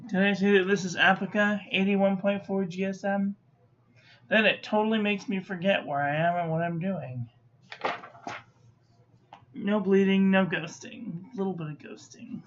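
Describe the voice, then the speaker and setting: A woman with a mid-range, fairly even voice narrates a casual, hands-on review of ink on paper at a moderate pace. She lists short judgments alongside chatty asides. Slight background noise sits under the slightly muffled lo-fi sound.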